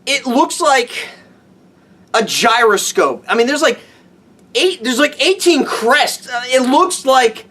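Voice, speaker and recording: A man giving a ranting film review for his vlog, animated and exasperated, swearing freely. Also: extremely high pitch, slow. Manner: animated, exasperated, profane, with frequent restarts.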